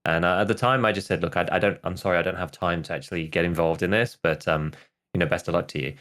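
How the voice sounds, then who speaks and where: A man's voice: low voice, steady tone, quick pace, fairly bright tone. A man co-hosting a podcast in casual chat, agreeable and eager.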